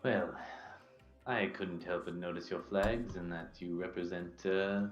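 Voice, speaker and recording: A man voices a grandiose thief and former pirate captain, all courtesy and flourish. The voice sits a little low, full of pauses. The room is echoey and the sound a bit dull. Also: steady tone, faint music behind. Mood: smooth, courteous. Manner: formal, flowery speech with many pauses.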